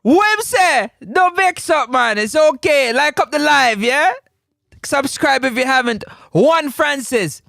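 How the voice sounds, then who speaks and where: Brief: high-voiced, animated Jamaican live-stream host, playful and teasing. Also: male voice, takes it slowly, vocal fry, dry recording, studio quality. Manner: playful, teasing, laughs often. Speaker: sports talk host.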